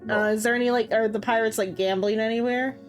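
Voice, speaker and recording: A woman's voice: a little high, fairly even intonation, fast talker, faint music behind. Chatty woman playing a tabletop game. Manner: chatty, hesitant, many "like"s, laughs easily. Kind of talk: casual chat on a live stream.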